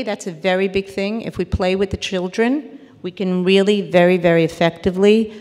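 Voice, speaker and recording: A woman's voice: fairly low pitch, darkish tone, big-room sound. A woman therapist giving a parenting workshop lecture, earnest and emphatic, often breaking off and restarting mid-word.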